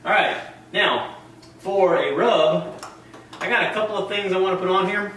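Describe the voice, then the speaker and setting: A man with a bright, clear voice rambles jokily through a casual cooking video, poking fun at himself. He is recorded in an echoey home kitchen, with a faint hiss behind him. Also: high-pitched, moderate pace. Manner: rambling, jokey, self-deprecating.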